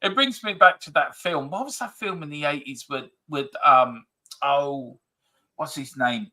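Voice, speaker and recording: Bright-voiced man joking on a live stream. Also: on the high side, unhurried. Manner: jokey, reads viewer comments aloud, laughs often. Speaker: co-host of fan live stream. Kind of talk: casual chat.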